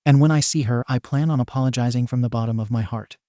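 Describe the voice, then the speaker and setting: A man voicing a sly, scheming male shopkeeper in a read-aloud story, with smooth, polite talk. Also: medium pitch, fast talker, warm tone, no room sound, clean studio sound, natural voice.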